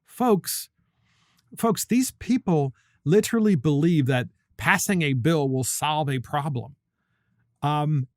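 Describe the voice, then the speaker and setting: Male commentary host, fairly high voice, sarcastic and scornful, lively swings, close dry sound. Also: dry recording. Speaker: host of a political commentary show. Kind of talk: opinion commentary.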